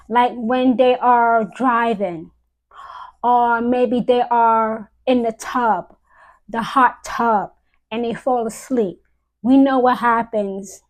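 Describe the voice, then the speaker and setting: A woman speaking as a high priestess on a live stream, solemn and deliberate, repeating key phrases for emphasis. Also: a little mellow, rough recording. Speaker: witch giving a live-stream talk.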